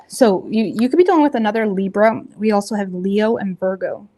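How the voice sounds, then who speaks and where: A woman with a Nova Scotian accent doing a tarot reading in a rambling, casual chat, full of fillers and self-corrections, blunt and quick to laugh. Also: medium pitch, warm tone. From Nova Scotia, Canada. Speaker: tarot reader.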